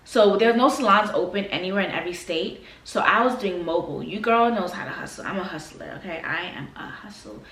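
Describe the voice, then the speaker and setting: A woman from Florida telling a story in a casual sit-down vlog, animated, emphatic and slangy. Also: on the low side, fairly quick, hardly any pauses. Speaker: vlogger. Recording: roomy, mic a bit far.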